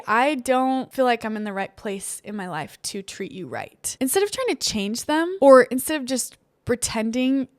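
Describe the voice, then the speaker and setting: A young woman from the United States, a podcast host talking candidly about her own life in a chatty way, full of "like" and quick laughs. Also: fairly high pitch, no echo, studio quality. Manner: chatty, heavy use of "like", frequent laughs. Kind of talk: candid personal monologue.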